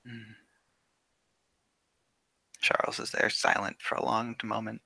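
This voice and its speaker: Gravelly man with a bright tone. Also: on the low side, level tone, takes it slowly, no room sound. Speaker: player. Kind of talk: playing a character in a tabletop game.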